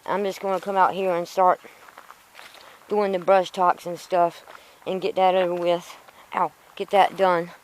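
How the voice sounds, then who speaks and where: A woman's voice: on the low side, flat delivery, measured pace, poor audio. Lady vlogging outside, rambly and fed up, tooth hurting, bit of faint noise. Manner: rambling, frustrated, self-talking. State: in pain from a sore tooth. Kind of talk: casual chatty vlog. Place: outdoors in a yard.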